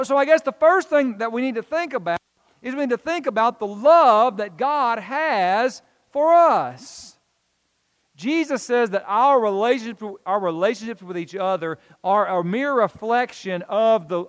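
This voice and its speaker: A man's voice: sits high, lively intonation, unhurried, big-room sound. A male pastor preaching a sermon in an earnest, emphatic way, repeating key phrases.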